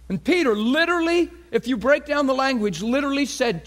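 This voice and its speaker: A high-pitched man preaching with fervor, rising to loud cries and then dropping to quiet, earnest pleading. He acts out the gasps and voices of the crowd in his story, so the delivery keeps changing in height and force. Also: animated, quick pace, few pauses. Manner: swings from shouting fervor to hushed earnest appeals. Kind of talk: impassioned sermon.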